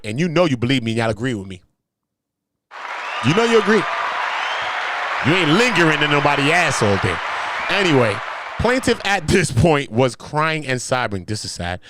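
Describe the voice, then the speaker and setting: Animated, cursing reaction host. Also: male voice, medium pitch, no room sound, studio quality. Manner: animated, profane, swings between shouting and muttering. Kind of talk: live reaction commentary.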